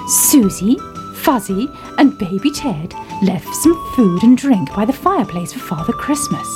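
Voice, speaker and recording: A woman narrating a children's story as a storybook reading, in a sing-song, expressive read-aloud manner. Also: medium pitch, a little slow, music in the background.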